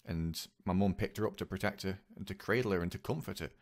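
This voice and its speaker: A man telling a personal story in a confessional vlog, speaking haltingly and earnestly with many repeats. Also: low-pitched. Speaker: vlogger.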